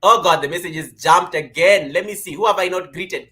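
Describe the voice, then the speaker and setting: A man hosting a casual live stream from home, greeting viewers by name with lively energy. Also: sits high, normal speed. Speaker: livestream host.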